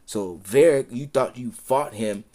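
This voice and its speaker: Another live-stream rant from a man: unhurried and dark in tone, heated and full of profanity, it wanders, loops back on itself, and occasionally drops into a low mutter.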